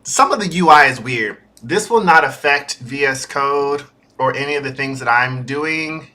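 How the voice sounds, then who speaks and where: A young man with a bright, forward voice chats on a home stream in a loose, easygoing way. He drifts off topic and fills his pauses with ums and uhs. He sounds like he is talking at his desk mic in a home setup. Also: medium pitch. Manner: chatty and easily sidetracked, with fillers. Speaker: software developer streaming a build-in-public series. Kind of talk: casual livestream talk.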